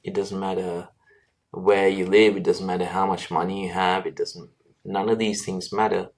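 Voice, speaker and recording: A man's voice: deep voice, little pitch movement. A man, a doctor, answering interview questions in an earnest, reflective way, often restarting his sentences. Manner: earnest, halting with restarts and fillers. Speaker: guest, doctor.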